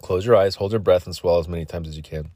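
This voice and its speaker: A man's voice: sits low, rapid-fire, mellow, no echo. A man rambling crudely and irritably through a solo podcast monologue while hiccuping. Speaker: podcast host.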